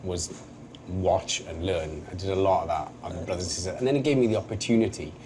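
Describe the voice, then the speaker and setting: A man's voice: low-pitched, quick pace. Joking welsh man, noisy background. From Wales. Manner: self-deprecating, jokey, many restarts. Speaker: actor guest. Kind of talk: casual interview chat.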